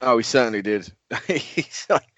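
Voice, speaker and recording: A man's voice: mid-range voice, measured pace, no room sound. A man co-hosting a podcast, joking animatedly about a film. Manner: jokey, animated, doing mock impressions. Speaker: podcast co-host. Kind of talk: casual film-review chat. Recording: dry, dull lo-fi podcast audio.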